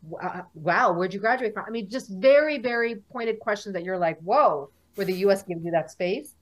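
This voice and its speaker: A woman from the United States, in her 40s, speaks in a mid-range voice at a moderate pace. As a casual interview guest, she's a lively storyteller who acts out the lines others said to her.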